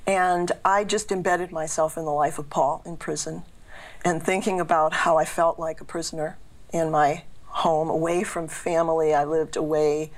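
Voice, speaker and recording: A woman's voice: low voice, fairly even intonation, normal speed. A woman in her sixties from the Boston area, a guest telling her faith story in an earnest, reflective way. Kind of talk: faith testimony in casual interview.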